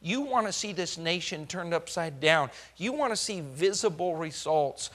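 A male pastor delivers a dramatic sermon in a high, bright voice. He moves from hushed, slow passages to loud, quick bursts, acting out scripture dialogue. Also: expressive. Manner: dramatic, swings from hushed to loud, acts out God's lines.

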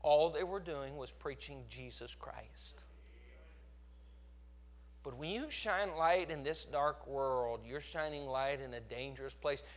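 A man's voice: mid-range voice, slow. A man with a Texas accent preaching a sermon, with emphatic surges in volume. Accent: Texan.

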